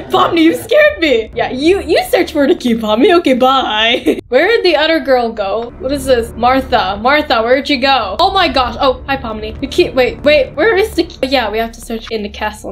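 A woman giving excitable gameplay commentary, giggling, squealing and talking back to the game as she plays. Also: sits high. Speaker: gamer.

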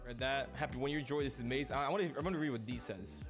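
Over background music, a young man streams live and reads viewer messages in a relaxed, chatty way. He speaks rapid-fire at a medium pitch, gets worked up with loud bursts and swearing, and keeps stuttering and starting over.

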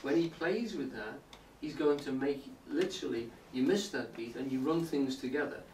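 A man's voice: medium pitch, moderate pace, darkish tone. Man lecturing in an echoey room. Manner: explanatory, often checks in with the audience. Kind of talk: public talk on poetry. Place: indoor room with a live audience. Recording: roomy, distant, faint hiss.

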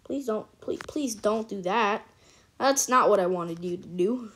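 A woman giving casual, excitable let's-play commentary as host of a gaming channel, chatty and cheering at her wins. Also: mid-range voice, a little slow, breathy edge.

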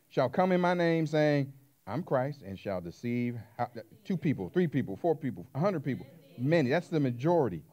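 A man preaching a sermon as pastor, emphatic, swinging between hushed asides and loud stressed words. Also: mid-range voice.

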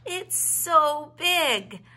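A woman's voice: big pitch swings, unhurried, bright, forceful tone, heavily acted. A woman voicing a timid, worried little boy bear cub in a storybook read-aloud. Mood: brave. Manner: timid, sniffly, high and wavering.

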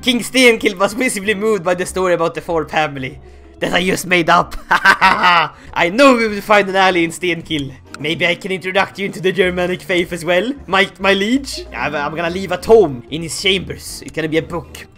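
A man narrating a strategy game playthrough, excitable and theatrical, laughing and bursting into shouts. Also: high-pitched, brisk, faint music behind. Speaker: gaming YouTuber. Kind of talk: Let's Play commentary.

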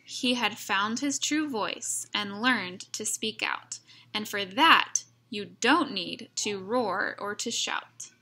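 A woman reads a rhyming picture book aloud and stops now and then to chat about the story. Her delivery is unhurried and gentle. Her voice is bright and sits a little high. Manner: gentle, slow, adds comments to listeners. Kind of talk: rhyming read-aloud narration with asides.

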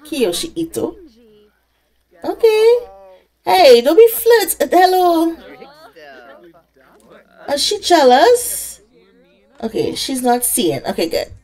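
Lively high-voiced woman gaming chatter. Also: slow, long pauses. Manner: chatty, talks to game characters. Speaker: gaming creator. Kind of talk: casual let's-play commentary.

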